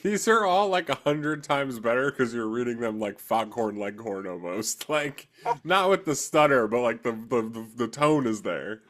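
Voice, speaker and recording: A man's voice: mid-range voice, expressive, normal speed, fairly bright tone. A man co-hosting a movie podcast, talking casually in a rambling way, full of fillers and giggles. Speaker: podcast co-host. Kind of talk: casual chat.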